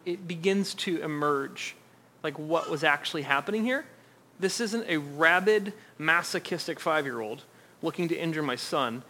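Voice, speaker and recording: Bright-voiced male pastor telling a story. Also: a little high. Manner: conversational storytelling, acts out quoted voices. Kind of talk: sermon with personal story.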